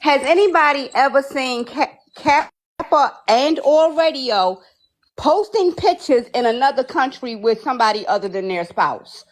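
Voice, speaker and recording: A woman's voice: high voice, lively intonation, measured pace, low-quality recording. A married woman on a casual live stream, asking pointed, sarcastic questions.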